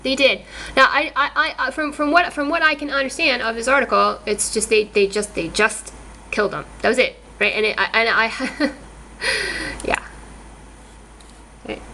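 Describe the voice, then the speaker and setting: A woman's voice: fairly high pitch, moderate pace, pauses often, sharp tone, a little hiss or hum, low-quality recording. A woman talking to her camera in a casual monologue, agitated, often repeating and restarting her words. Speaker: vlogger.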